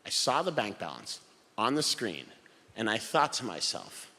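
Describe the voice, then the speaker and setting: A young man doing a stand-up comedy set before a live audience, telling stories in an animated way and acting out characters in bursts. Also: fairly low pitch, moderate pace. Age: young adult. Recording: live venue with long hall reverb and faint ambience.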